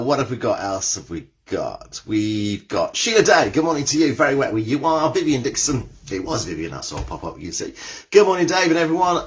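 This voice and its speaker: Hosting a live online workout, a man with a medium-pitched voice chats cheerfully, welcoming viewers by name and reading out what they comment.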